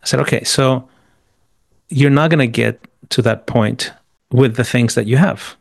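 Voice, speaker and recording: A man with a gravelly, creaky voice gives business advice in an interview. He talks emphatically, repeating words and rattling off long lists. The sound is dry and close. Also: mid-range voice, measured pace, no echo. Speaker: guest. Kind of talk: interview answers, motivational advice.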